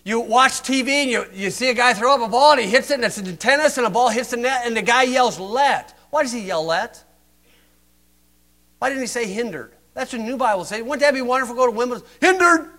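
An older American man preaching a sermon, mocking and sarcastic, swinging from loud emphasis to hushed asides. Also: very high-pitched.

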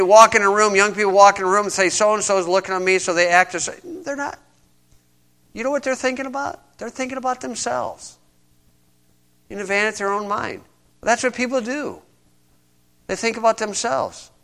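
A man's voice: sits high, moderate pace, vocal fry, long pauses, sharp tone. A man preaching a sermon to a congregation in a conversational way, asking his listeners questions as he reads verses. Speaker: pastor.

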